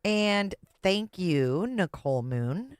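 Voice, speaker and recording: A woman's voice: mid-range voice, very animated, takes it slowly, clean tone, no room sound, clean studio sound. A woman hosting a livestream reaction, blunt and sarcastic, swearing freely. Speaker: livestream host.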